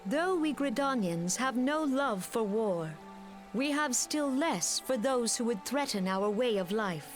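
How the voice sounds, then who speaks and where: An actress playing a solemn woman elder in a video game, recounting her nation's history in a slow, stately way. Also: fairly high pitch, lively intonation. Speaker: game character. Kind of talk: scripted game voice acting. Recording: game audio with music. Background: music.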